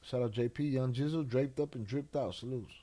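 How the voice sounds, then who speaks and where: A man's voice: medium pitch, a little fast. Laid-back man hosting a late-night stream. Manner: laid-back, reads and answers chat with shout-outs, slang-heavy. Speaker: livestream host. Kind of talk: casual late-night livestream chat.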